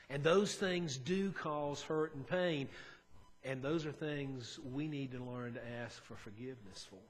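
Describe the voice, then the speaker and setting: A man preaching a sermon as a pastor, talking in an earnest, conversational way and moving between quiet and emphatic moments. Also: mid-range voice.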